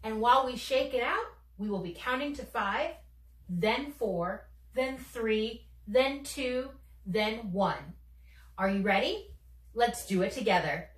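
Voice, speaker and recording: A young woman, a children's theater teaching artist, leading kids through warm-up games in a slow, encouraging, playful way. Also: a little high, animated, roomy sound, far from the mic.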